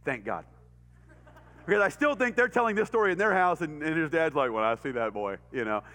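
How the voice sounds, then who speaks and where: A middle-aged man with a Texan accent preaches to a college crowd, spinning a story and acting out the voices and sound effects. His voice sits high and bounces all over the place. Long reverb from the church hall trails behind his words. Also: brisk. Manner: animated, acts out voices and sound effects, laughs often. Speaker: pastor. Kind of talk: storytelling sermon.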